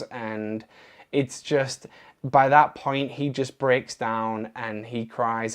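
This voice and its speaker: A man talking casually to his viewers in an open, earnest and emotional way. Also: medium pitch. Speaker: vlogger. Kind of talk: casual talk to camera.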